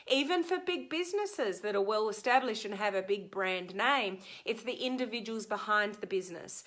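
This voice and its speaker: A woman's voice: medium pitch, pushed and bright. A middle-aged Australian woman coaching on social media in a chatty live stream, reading out and answering viewer comments with frequent ums.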